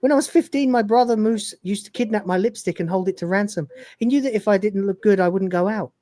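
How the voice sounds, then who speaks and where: A woman's voice: medium pitch, fast talker, mellow, voice pushed up, lightly acted. A woman voicing a spoiled young female officer who is sarcastic and fed up. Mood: sardonic.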